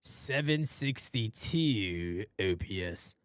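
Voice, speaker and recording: A man calling a baseball game live for fans from his home studio, shouting on big plays and muttering low asides between pitches. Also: lively intonation, slow, no room sound. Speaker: play-by-play streamer. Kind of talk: live fan play-by-play commentary.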